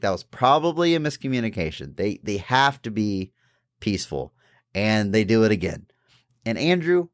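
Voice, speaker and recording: Here a man on the lower side co-hosts a podcast, casually and keenly talking through a film while laughing often. There's no echo, and the studio sound is clean.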